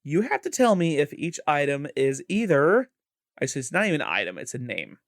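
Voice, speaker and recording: A man's voice: a little high, sing-song, fairly quick, no echo, clean studio sound. A man co-hosting a podcast in casual chat, with a Midwestern American accent, playful and laughing often. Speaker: podcast co-host.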